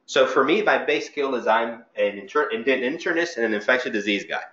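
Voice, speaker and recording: A man's voice: mid-range voice, brisk. A middle-aged male physician giving an informal talk to trainees, telling stories conversationally and acting out the people he quotes. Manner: conversational storytelling with lively quoted voices. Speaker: physician speaker at a training seminar. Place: lecture room. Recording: roomy, slightly muffled lecture recording.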